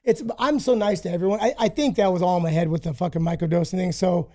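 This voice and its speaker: Man, high voice, profane, rambling, self-mocking, podcast guest. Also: fast, a little mellow. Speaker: guest, former fighter. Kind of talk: casual podcast storytelling.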